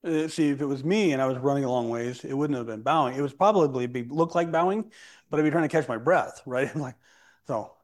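A man speaking in a casual church discussion group, sincere and halting, often repeating words as he searches for them. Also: mid-range voice. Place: church meeting room.

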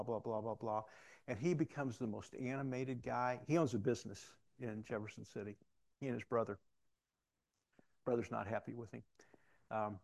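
A man's voice: medium pitch, a little mellow. Middle-aged man, folksy lay preacher, tells stories conversationally, plays both sides of the talk. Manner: conversational, folksy storytelling, acts out dialogue. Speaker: former sheriff giving a church talk. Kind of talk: sermon with storytelling.

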